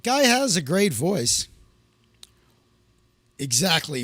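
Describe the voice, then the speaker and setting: A man's voice: high voice, expressive, moderate pace, no room sound. A man hosting a comedy live stream, telling rambling stories to his viewers in a casual way, with lots of fillers and restarts. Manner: loose, anecdotal, with many fillers and restarts.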